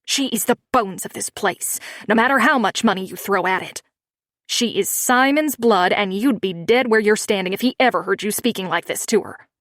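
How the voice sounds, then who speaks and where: A protective older biker woman, voiced by a female audiobook narrator who speaks sharply and slowly, each word measured. Her pitch sits mid-range for a woman. The recording is dry and close. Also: no echo, natural voice. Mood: scolding. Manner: sharp scolding, slow and deliberate.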